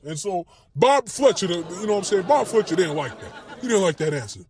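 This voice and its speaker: A young man from Minnesota delivers a slangy, profane comedy monologue, his pitch high and swinging widely. His voice is husky and recorded close and dry. Faint music plays underneath. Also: lively intonation, a little fast, few pauses, darkish tone, no room sound. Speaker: comedic YouTuber.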